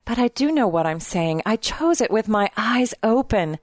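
A woman reading the lines of a reserved young woman in a storybook, speaking softly but with quiet conviction. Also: a little high, animated, moderate pace, no echo, studio quality, close to an everyday voice. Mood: firm. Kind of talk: audiobook character reading.

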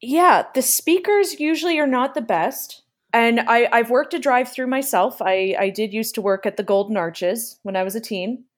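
A woman's voice: a little high, moderate pace. A woman co-hosting a podcast in casual chat, hesitant and stumbling over her words. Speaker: podcast co-host.

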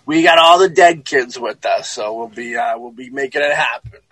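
Host: a husky guy who rambles through casual film chat, dry close sound. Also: medium pitch, normal speed, fairly bright tone, no room sound, rough recording. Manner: loose, rambling, restarts often. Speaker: podcast host.

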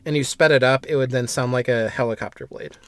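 A man's voice: mid-range voice, fast talker, a bit bright, clear, resonant tone, no room sound. Rambling man recapping, dry close sound. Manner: rambling, filler-heavy recap with asides. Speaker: podcast host summarizing an anime. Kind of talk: casual chat.

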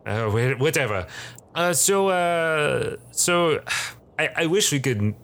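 A man's voice: fairly high pitch, animated, slow, fairly bright tone, pitched above the performer's own voice, exaggerated voice. A man voicing a weary male goblin locksmith who grumbles and sighs about tourists, with a hesitant manner.

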